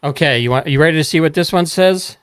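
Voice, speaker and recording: A man co-hosting a podcast in casual chat, joking dryly with halting restarts. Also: a little high, a bit bright, clean tone, dry recording. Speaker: podcast co-host.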